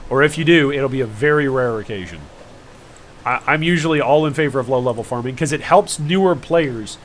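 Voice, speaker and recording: Man, game streamer, casual live commentary, slightly high voice, faint background hiss. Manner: chatty, rambling, jokey asides to chat. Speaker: gaming streamer.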